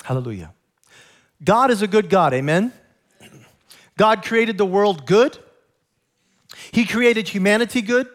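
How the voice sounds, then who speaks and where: A man with a high-pitched voice preaching a sermon in a church sanctuary. He is an excitable, animated pastor who laughs with his congregation and mixes scripture with humor. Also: measured pace, pauses often.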